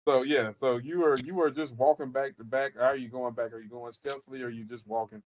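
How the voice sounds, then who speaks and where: A man's voice: medium pitch, steady tone, fairly quick. Laid-back man running a tabletop game. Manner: loose, repeats words, frequent restarts and "you know". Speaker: game master. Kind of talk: narrating a tabletop game in casual chat.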